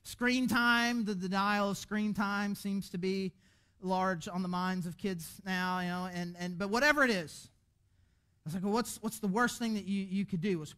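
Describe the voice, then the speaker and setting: A man preaching a sermon as pastor in a church, animated and conversational, restarting his words often. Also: high voice, moderate pace, smooth. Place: church auditorium.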